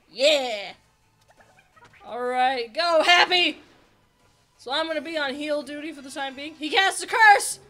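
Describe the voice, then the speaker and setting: A young woman with a high, bright voice chats her way through a video game, excitable and talkative. She speaks unhurriedly and with plenty of reactions to the characters. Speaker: let's play host. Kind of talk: casual game commentary.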